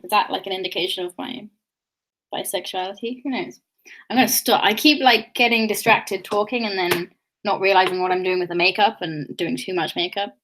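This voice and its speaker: A woman's voice: mid-range voice, a bit bright. A woman from London with a fairly posh southern English accent that has a slight London undertone, chatting casually on a livestream while doing her makeup, laughing often and drifting into tangents. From England, London. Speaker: livestream host.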